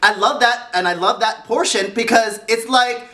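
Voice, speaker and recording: A man's voice: very high voice, normal speed, bright, forceful tone. A man giving casual commentary on a podcast clip, often checking in with "right?". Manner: conversational, stops to ask right?.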